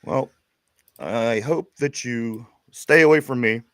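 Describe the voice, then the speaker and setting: A Pittsburgh man with a local accent co-hosts a laid-back sports podcast, rambling along and laughing whenever he trips over his words. His mid-range voice is slow and fairly bright, recorded clean in a studio with no room sound.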